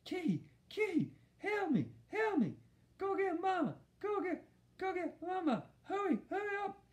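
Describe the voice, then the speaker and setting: A man voicing a panicked young boy crying for help with his lips frozen to a mirror, in high wailing pleas. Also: sing-song, unhurried, heavily acted. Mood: pleading.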